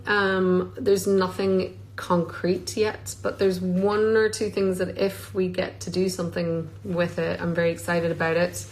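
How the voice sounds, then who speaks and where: A woman's voice: fairly low pitch, fairly even intonation, a little slow, few pauses, rough recording. A woman, an actress, chatting casually on a phone live stream from Scotland, reading fan questions aloud and answering with plenty of filler ums. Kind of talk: casual livestream Q&A. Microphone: phone on a social media live stream.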